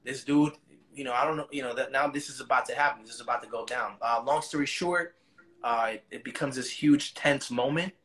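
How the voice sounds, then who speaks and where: A man's voice: medium pitch, brisk, fairly bright tone. A man as an interview guest, retelling a story in casual, profane slang.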